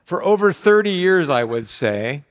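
An older man delivers a sermon about marriage in a slightly raised voice. He is animated and acts out the lines he quotes, with sudden loud outbursts. The sound carries a long reverb from a large hall. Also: high-pitched, unhurried. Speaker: speaker on marriage.

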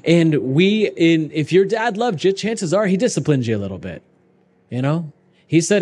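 Young male pastor, slightly high voice, lively conversational sermon delivery with loud and hushed swings. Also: moderate pace. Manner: animated, conversational preaching with sudden shifts from loud to hushed.

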